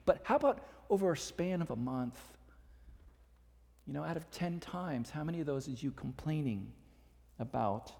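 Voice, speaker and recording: A high-voiced man preaching and retelling a story to his listeners. He sinks to a hushed, intimate tone to press a point home, and his voice trails off into a long hall echo. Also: gravelly. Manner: drops to a low, intimate hush for emphasis. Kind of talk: sermon storytelling. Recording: reverberant hall.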